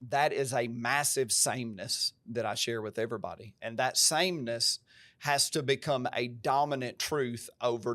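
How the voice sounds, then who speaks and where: A man's voice: mid-range voice, fairly bright tone, no room sound, studio quality. A male pastor with an American country twang, talking earnestly and emphatically on a podcast in a preacher-like way. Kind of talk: podcast conversation.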